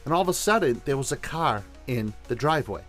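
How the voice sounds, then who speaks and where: A man's voice: medium pitch, expressive, fast talker, fairly bright tone, soft background music. A man hosting a show, telling a story and giving tips in an enthusiastic, conversational way. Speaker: host. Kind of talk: casual storytelling and instruction.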